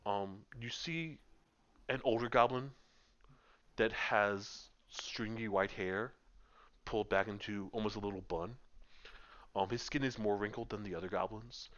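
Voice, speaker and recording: A man's voice: fairly low pitch, fairly even intonation, measured pace, pauses often, fairly bright tone. A man narrating a tabletop game as game master, describing scenes at length with frequent ums, over muffled voice-chat audio. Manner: descriptive, many filler ums.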